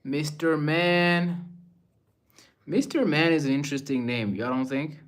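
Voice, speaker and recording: A man's voice: mid-range voice, animated, fairly quick. A young man casually chatting on a livestream, reading viewer messages aloud and musing in a laid-back way.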